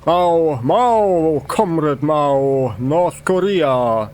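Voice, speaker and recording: Man voicing a jittery clerk, blurts shouted words, meek apologies, slightly high voice, faint hiss behind. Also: normal speed, lightly acted. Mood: shouting outburst. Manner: blurts slogans, then apologizes meekly. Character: nervous male clerk with shouting outbursts.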